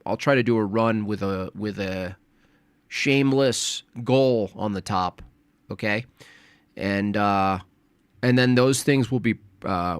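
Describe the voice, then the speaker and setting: A hoarse, coughing man rambling casually. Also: lowish voice, dry recording. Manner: rambling, hesitant, tired. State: coughing, losing his voice. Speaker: livestream host. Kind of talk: casual livestream chat.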